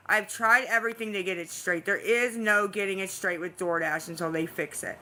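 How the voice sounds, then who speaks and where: A woman's voice: fairly low pitch, moderate pace, few pauses, pushed and bright, slight background noise. Tired, anxious woman livestreaming. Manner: anxious, pleading, rambling with restarts. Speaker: livestreamer talking to chat. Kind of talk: casual live-stream chat.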